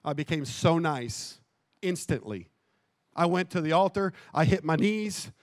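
A man giving a sermon as pastor. He talks casually and corrects himself, then builds to impassioned shouting. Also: on the high side, lively intonation, measured pace, dry recording, studio quality. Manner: impassioned preaching that swells to shouting; conversational and self-correcting, with jokes.

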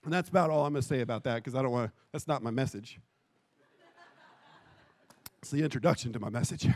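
A man giving a sermon as pastor. He talks casually and corrects himself, then builds to impassioned shouting. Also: medium pitch, quick pace, no echo. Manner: impassioned preaching that swells to shouting; conversational and self-correcting, with jokes.

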